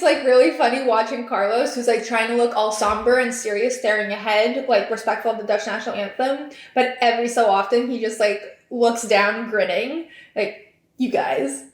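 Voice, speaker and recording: Young woman, podcast host, casual chat, giggly, filler-heavy, slightly high voice, echoey room. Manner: chatty, giggly, lots of fillers and likes.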